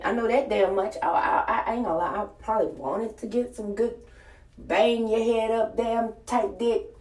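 A woman who makes online content, in a blunt, profane, animated monologue to her viewers. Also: medium pitch, distant mic. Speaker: content creator. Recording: roomy sound, somewhat off-mic.

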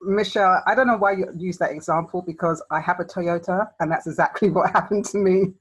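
A woman's voice: lowish voice, a little fast, husky, rough recording. A woman hosting a podcast interview, chatty and rambling, laughing a lot. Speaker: podcast host. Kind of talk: casual interview chat.

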